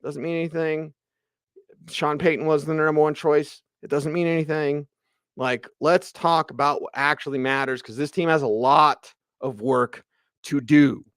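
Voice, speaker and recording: A man hosting sports radio, ranting in an animated, emphatic way about football. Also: on the high side, normal speed, clear, resonant tone, no room sound, studio quality.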